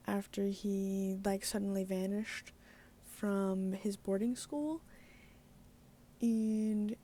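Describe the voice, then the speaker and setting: A woman giving a casual daily book vlog in a mellow, relaxed voice. She talks candidly, with plenty of fillers and the odd swear word. Faint background noise sits under her voice. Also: medium pitch. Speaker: book vlogger.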